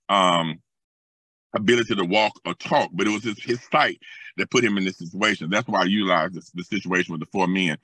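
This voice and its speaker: A man preaching a sermon as pastor, with a Southern US accent, moving between calm scripture teaching with hesitant restarts and raised, emphatic passages. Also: sits low, dry recording. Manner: hesitant fillers and restarts while explaining scripture.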